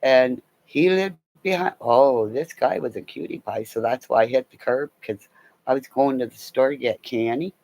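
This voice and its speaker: A woman's voice: extremely low pitch, normal speed, a little mellow. A middle-aged woman telling a meandering personal story in a casual way, laughing often and swearing freely.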